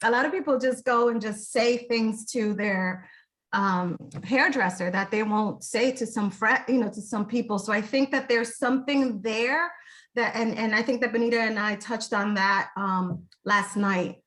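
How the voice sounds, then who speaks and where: A woman actor talks about her role in a casual interview, effusive and quick to laugh. Her voice sits somewhat high. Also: a bit bright. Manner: chatty and effusive, laughs easily. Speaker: stage actor.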